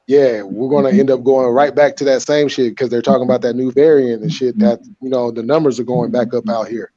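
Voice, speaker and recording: A man in a casual group chat who talks haltingly, repeating words as he searches for what to say. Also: medium pitch, dark tone, muffled recording. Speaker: podcast host.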